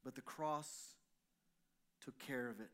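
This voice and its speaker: A man's voice: mid-range voice, measured pace, fairly bright tone. A man preaching a sermon to his congregation, addressing listeners at home as well, often with rhetorical questions. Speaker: pastor. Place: church service, streamed to listeners at home.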